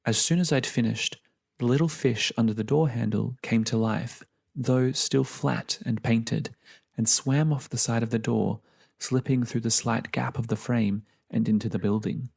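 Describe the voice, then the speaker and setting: A man reads a first-person fantasy tale in a measured, unhurried storytelling manner. His voice sits at a middle pitch, with a noticeable gravelly fry running through it. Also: fairly even intonation, a little mellow. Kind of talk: fiction reading, first person.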